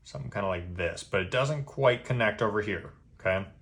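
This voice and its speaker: A man's voice: fairly low pitch, a little fast, fairly bright tone. Patient man teaching drawing step by step. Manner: patient, checks in with "okay?" after each step. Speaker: drawing instructor.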